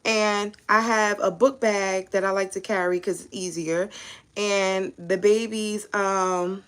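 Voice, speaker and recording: A young woman hosts a live stream in a loose, chatty way. She tells stories with lots of animation, drops casual curses, and speaks at an ordinary mid pitch. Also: a bit bright. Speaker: tarot reader hosting a live stream.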